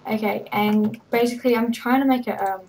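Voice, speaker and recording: A woman's voice: fairly high pitch, fairly even intonation, fairly quick, a little mellow, slight background noise, low-quality recording. A woman giving a rambling, hesitant walkthrough of her game server, full of ums and little laughs. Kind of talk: casual game walkthrough commentary.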